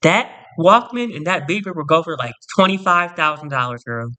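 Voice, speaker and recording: A man's voice: a little high, expressive, moderate pace, pushed and bright, smooth. A man telling a profane, sassy storytime rant to camera as a vlogger.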